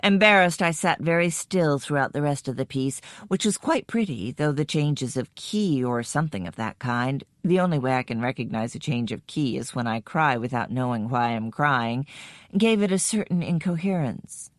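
A woman narrating a first-person story in a measured, even storytelling manner. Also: rumbling low, no echo, studio quality. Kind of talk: scripted audiobook narration.

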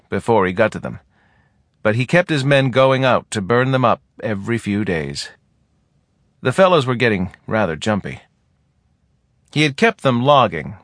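A man narrating a novel in a steady, plain storytelling manner, recorded close to the mic. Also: fairly low pitch, dry recording. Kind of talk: audiobook narration.

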